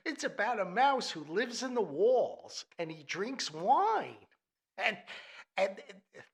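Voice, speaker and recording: A man's voice: fairly high pitch, bright, forceful tone. A man hosting a solo comedic commentary podcast, rambling and self-deprecating, laughing often and restarting his sentences. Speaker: podcast host.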